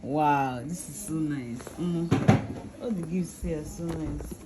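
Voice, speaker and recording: A woman's voice: low voice, slow pace. A young woman chatting casually in a vlog, exclaiming over each item she talks about. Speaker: vlogger. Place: home party. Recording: noisy home recording.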